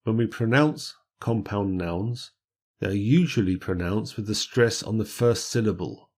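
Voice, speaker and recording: A man teaching an English grammar lesson, reading word lists slowly with careful stress on each word. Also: fairly low pitch, darkish tone.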